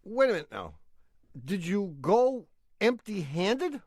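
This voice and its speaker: Laughing Boston radio host, high and lively. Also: male voice, slow, no echo, studio quality. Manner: laughs a lot, interjecting, playful. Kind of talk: jokey call-in radio banter.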